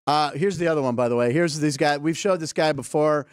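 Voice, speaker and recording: Dude hosting a sports comedy show, riffs a lot and laughs, pretty dry mic. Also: male voice, fairly high pitch, fairly quick, hardly any pauses, clean tone, no echo. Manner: jokey, riffing, laughs often. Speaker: host. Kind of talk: casual sports comedy talk.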